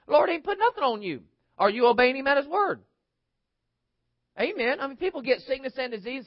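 High-voiced man preaching emphatically. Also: very animated, fairly quick, no room sound, lo-fi sound. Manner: emphatic, conversational preaching with rhetorical questions. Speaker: pastor. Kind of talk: sermon.

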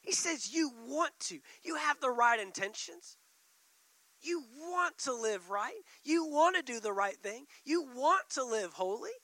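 An impassioned male pastor preaching with emphatic force, dropping at times almost to a whisper. His voice is strikingly high and bright. The recording is close and dry. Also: lively intonation, a little slow, no room sound. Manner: emphatic, impassioned, swings from loud to near whisper. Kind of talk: sermon.

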